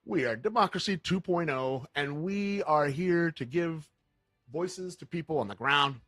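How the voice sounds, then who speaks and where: A man hosting a livestream, talking in an earnest, impassioned way with many fillers and halting restarts. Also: fairly high pitch, a bit bright, dry recording, studio quality, faint music behind. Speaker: livestream host. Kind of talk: emotional livestream talk.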